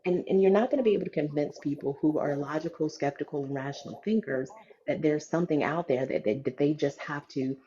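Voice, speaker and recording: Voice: mid-range voice, brisk, dark tone, muffled recording. A participant in a group discussion, arguing a point firmly and building it with analogies.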